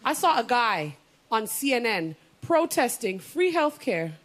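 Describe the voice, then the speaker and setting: A young woman from Canada performing a stand-up comedy set, animated and punchy with quick asides. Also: on the high side.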